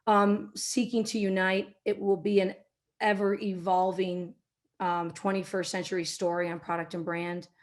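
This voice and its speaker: A middle-aged woman, a marketing executive, giving a business talk and telling an anecdote, now and then acting out quotes in a softer voice. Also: medium pitch, flat delivery, normal speed. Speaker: keynote speaker, marketing executive.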